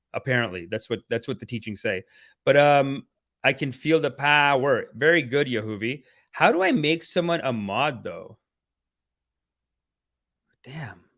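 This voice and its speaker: A man's voice: mid-range voice, a bit bright. A young man hosting a livestream, chatting casually and rambling playfully while talking to his viewers. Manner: rambling, playful, talks to chat. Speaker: livestream host.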